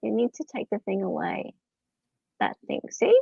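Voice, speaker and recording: Greeting her viewers from home, a middle-aged Australian woman hosts a casual livestream, chatty and giggly. Her medium-pitched voice is very animated, creaky and husky at a normal speed, and the dry recording has a slightly dull lo-fi sound.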